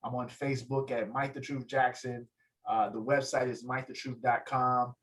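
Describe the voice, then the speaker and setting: A man, a guest on an interview show, telling a story with lively energy and acting out what others said. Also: normal speed, low-quality recording. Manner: lively, acts out quotes, swings pitch up in excitement. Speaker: guest, photographer and fighter. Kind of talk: animated storytelling in casual interview.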